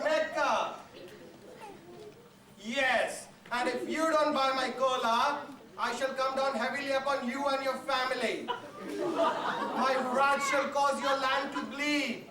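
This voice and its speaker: A man playing a pushy cola telesales caller with a foreign accent, who spells words out slowly on stage. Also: very high-pitched. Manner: over-explaining, spells words out. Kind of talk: amateur stage comedy acting. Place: hotel function room stage. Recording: echoey hall miked from far, audience.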